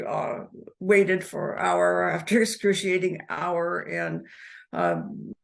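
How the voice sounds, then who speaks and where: A woman in her seventies, an interview guest telling her life story in a halting way, with restarts and soft laughs. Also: fairly low pitch, vocal fry. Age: 70s. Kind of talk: personal life story told in conversation.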